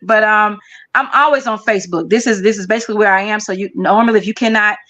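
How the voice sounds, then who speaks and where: A woman speaking as a guest in a casual online chat, lively and slangy. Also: medium pitch, fast talker, highs cut off.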